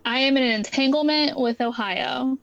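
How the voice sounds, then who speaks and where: A woman's voice: high voice, normal speed, vocal fry, highs cut off. A woman co-hosting an interview, bantering in a giggly, self-mocking way.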